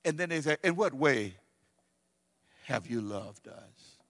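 A man preaching a sermon, swinging between loud bursts and hushed, slowed-down quotations. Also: medium pitch, lively intonation, big-room sound. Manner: preaching with dramatic swings of volume and pace, drawn-out quotes.

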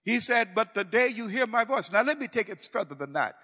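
A man preaching a sermon, emphatic and repetitive, swinging from loud declarations to hushed pleading. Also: high voice, animated, a little fast, in a large hall.

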